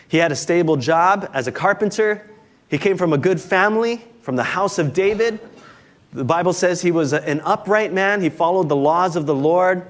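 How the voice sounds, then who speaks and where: Lively conversational preacher man. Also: fairly high pitch. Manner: conversational storytelling preacher with jokes; dad, folksy asides. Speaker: pastor. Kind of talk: sermon.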